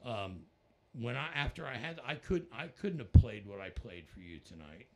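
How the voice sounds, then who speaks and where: Animated gravelly male rock musician. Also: normal speed. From United States. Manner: animated, jumps into high-pitched voices and laughs. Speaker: musician guest. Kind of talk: casual storytelling interview.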